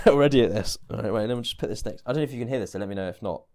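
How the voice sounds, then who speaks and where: A man's voice: mid-range voice, rapid-fire, darkish tone. A man from England hosting a casual podcast chat, laughing often and hesitating with many restarts. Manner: giggly, hesitant, lots of restarts. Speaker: podcast host.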